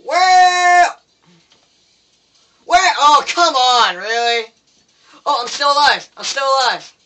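A man's voice: very high voice, expressive, a little slow, bright, forceful tone. A teenage boy commenting on his own gameplay, swearing and pleading with the game in frustration. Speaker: gameplay video maker.

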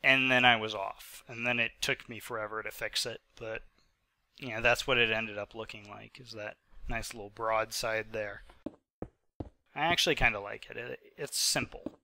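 A young man in his twenties talks through his gameplay in a loose, rambling way, full of fillers. He is sick and keeps hiccuping, and his voice sounds very bright and crisp. The recording is dry, with no room sound. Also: fairly low pitch, fairly even intonation, normal speed, dry recording. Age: 20s. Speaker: gaming channel host. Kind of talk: casual post-recorded gameplay commentary.

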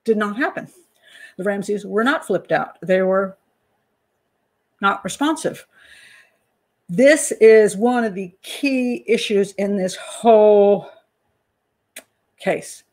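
A woman hosting a true-crime channel, analysing a case in a casual, animated way, pausing to check her notes and acting out people's reactions. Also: mid-range voice. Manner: animated, talks to herself while checking notes, acts out panicked parents. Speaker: criminal profiler and channel host.

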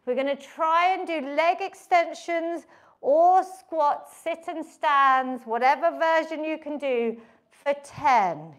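A middle-aged woman, leading a home workout, counting reps and calmly coaching form. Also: high-pitched, slow. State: out of breath at times. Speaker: fitness instructor. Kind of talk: live workout instruction.

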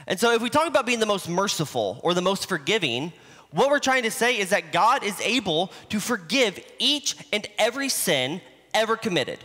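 A man's voice: high-pitched, very animated, normal speed, sharp tone. A man preaching a sermon in a church, teaching in a conversational way with homespun examples. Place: church sanctuary. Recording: livestream in a reverberant church hall.

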